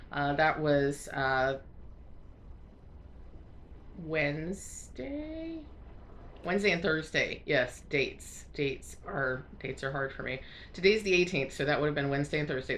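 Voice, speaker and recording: A woman's voice: low-pitched, fairly bright tone, slight background noise. A woman from the United States chatting casually to camera, rambling with lots of fillers and restarts, laughing often and sounding congested. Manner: frequent self-conscious laughter. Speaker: crafting vlogger.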